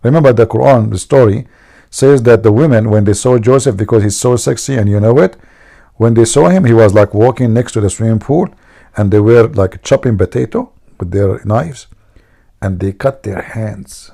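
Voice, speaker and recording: A man's voice: lowish voice, normal speed, vocal fry, dark tone. A man hosting a livestream, teasing his viewers and laughing at his own jokes. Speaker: livestream host. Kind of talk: joking livestream chat.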